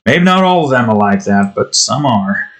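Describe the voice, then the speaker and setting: A man's voice: medium pitch, animated, moderate pace, fairly bright tone, low-quality recording. A tired young man from New Jersey, rambling and ranting casually while he draws. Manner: meandering, frustrated rant with frequent restarts. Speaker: art streamer.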